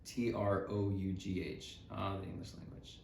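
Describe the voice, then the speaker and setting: Deep-voiced and flat, with vocal fry and a slightly mellow tone, a podcast host talks at a moderate pace on his casual comedy show. He's sarcastic and rambling, frequently interrupting himself. The audio is roomy with faint noise behind it.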